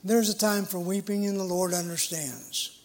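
A middle-aged man preaching a sermon in an earnest, emphatic way, with a measured delivery. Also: high-pitched, steady tone.

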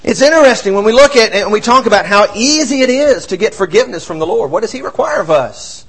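High-voiced male preacher. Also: fast talker, slightly rough, rough recording. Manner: expressive, swings between raised emphasis and quiet low asides. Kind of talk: sermon.

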